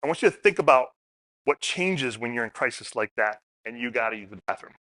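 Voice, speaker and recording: This is a public talk in a meeting room, where a middle-aged man tells casual stories at a community forum and quizzes the audience. His mid-range voice is animated, fairly quick, and sharp, recorded dry with clean studio sound.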